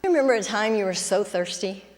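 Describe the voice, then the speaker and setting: A woman's voice: medium pitch, lively intonation, fast talker, big-room sound. A middle-aged woman pastor preaching a sermon, chatty at times, then building to fervent emphasis. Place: church sanctuary.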